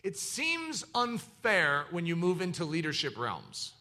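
A man's voice: a little high, wildly swooping pitch, measured pace, sharp tone. A man preaching a sermon as pastor, teaching in an emphatic, preacherly way.

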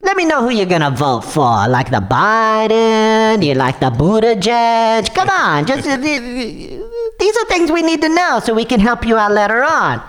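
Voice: mid-range voice, very animated, moderate pace, hardly any pauses, fairly bright tone. A performer playing a shady male scam caller posing as a general, pushy and switching fake accents in a comedy prank-call sketch.

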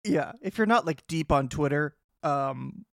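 A young man co-hosting a podcast in casual chat, chatty and quick to laugh. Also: fairly high pitch, expressive, creaky, a bit bright, no room sound, studio quality. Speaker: podcast co-host.

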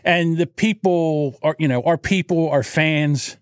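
A man co-hosting a podcast, telling animated stories in casual chat and acting out the people in them. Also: on the high side, measured pace, clear, resonant tone, no room sound, clean studio sound. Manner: animated storyteller, acts out voices in anecdotes. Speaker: podcast co-host. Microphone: studio mic through a mixer.

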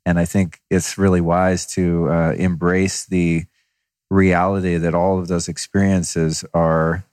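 A man in his fifties hosts a casual podcast in a very deep voice. He talks in a reflective way and works through his ideas aloud with analogies. His voice sounds dry and close to the mic. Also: little pitch movement, measured pace, a little mellow, no room sound. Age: 50s. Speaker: podcast host.

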